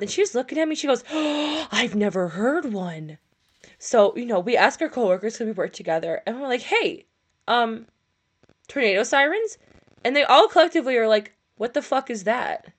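A young woman from upstate New York, co-hosting a casual podcast over voice chat and telling rambling, profane stories with laughs. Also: fairly high pitch. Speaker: podcast co-host. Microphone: push-to-talk voice chat.

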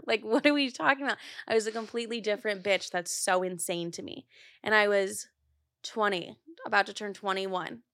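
A young woman in her twenties talks straight to her listeners as a podcast host, candid and chatty, dropping casual swears. Her voice sits at an ordinary middle pitch. The studio sound is close and dry, with no room echo. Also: fairly bright tone. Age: 20s. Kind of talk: casual chat.

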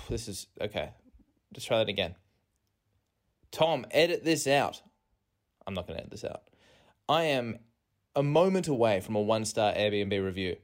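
A man, hosting a podcast as a rambling comic monologue, self-mocking and meandering, recorded on a phone in a rented apartment. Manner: self-mocking, meandering, with sudden jumps in pitch. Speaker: podcast host.

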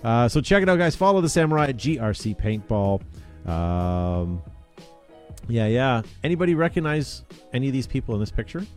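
A man's voice: mid-range voice, very animated, normal speed, darkish tone, soft background music. A man hosting a casual chat show, talking in an upbeat, rambling way with plenty of fillers. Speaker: podcast host.

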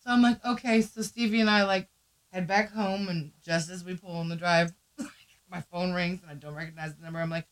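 A woman's voice: on the low side, fairly even intonation, brisk, poor audio. A woman with a Southern US accent telling a story on a casual podcast, acting out the people in it. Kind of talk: casual chat.

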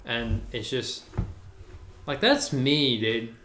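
A man's voice: medium pitch, very animated, slow pace, pushed and bright, a little hiss or hum. Laid-back young man, casual talk. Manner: laid-back, says "dude" a lot, enthusiastic. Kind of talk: casual chat. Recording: roomy echo.

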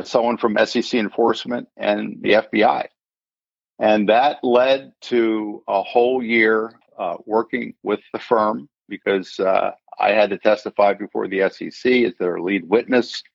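A man's voice: fairly low pitch, gravelly, no echo. An older man, a retired forensic accountant, telling a story in an interview and acting out the voices of the people in it. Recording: dull lo-fi sound.

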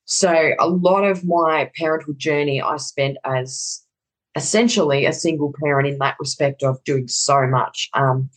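A woman's voice: sits low, measured pace, poor audio. Australian woman candidly telling her story. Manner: animated retelling with quoted inner dialogue. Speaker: interview guest.

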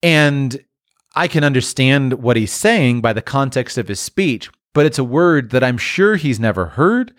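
A man's voice: medium pitch, lively intonation, unhurried, no room sound, studio quality. A man speaking in a casual monologue as a parent, thoughtful, often restarting and trailing off. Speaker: parent talking about language learning.

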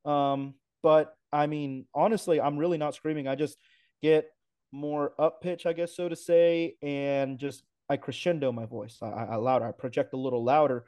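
A man's voice: fairly high pitch, fairly even intonation, moderate pace, warm tone, clear, resonant tone. A man, a racing announcer, talking enthusiastically and emphatically in a casual podcast interview, with playful asides.

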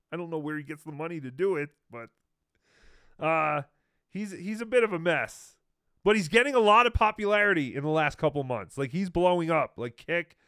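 Wry male podcast host, smooth dry voice. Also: fairly high pitch, fairly bright tone, no room sound. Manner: wry, mocking. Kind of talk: sarcastic commentary on a stream clip.

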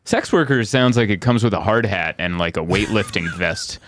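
A man's voice: on the low side, lively intonation, normal speed, a bit bright, no echo, clean studio sound. A man, a comedian hosting a podcast, riffing and joking in casual chat and laughing often.

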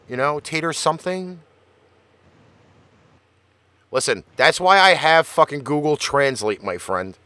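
A man's voice: on the high side, pushed and bright, dry recording. A man with a Brooklyn accent, hosting a casual radio show and swearing freely in blunt banter. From Brooklyn, New York.

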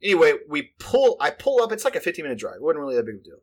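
A man's voice: a little high, wildly swooping pitch, racing. A man, telling a profane, rambling story in casual chat. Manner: profane, rambling, filler-heavy delivery.

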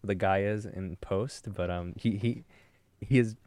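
A man's voice: on the low side, fairly even intonation, unhurried, darkish tone, dry recording. A man co-hosting a podcast in casual chat, laid-back, with dry, terse reactions. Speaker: podcast co-host.

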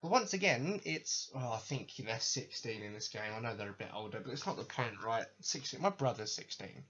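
Young male host, exasperated sarcastic rant, breathy tone, mid pitch, dull lo-fi audio. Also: lively intonation, a little fast, a bit bright. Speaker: podcast host. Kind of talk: casual ranting commentary.

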